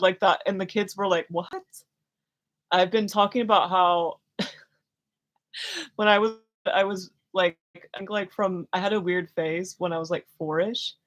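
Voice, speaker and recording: A woman's voice: on the low side, fairly even intonation, unhurried, long pauses. A young woman hosting a live spiritual Q&A stream, rambling casually with lots of fillers, restarts and giggles. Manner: chatty, self-conscious, many fillers and restarts, giggly. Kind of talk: casual rambling livestream chat.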